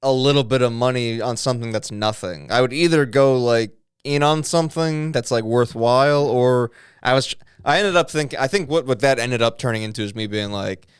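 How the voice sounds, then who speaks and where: A man's voice: medium pitch, brisk, clean tone, no room sound, clean studio sound. A young man co-hosting a comedy podcast, rambling and swearing in casual banter. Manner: rambling, animated, swears freely. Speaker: podcast co-host.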